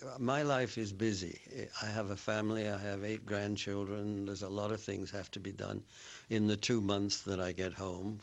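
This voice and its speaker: A man's voice: on the low side, vocal fry. An older man, an actor and author from Scotland, answering radio interview questions in a rambling, anecdotal way with frequent restarts.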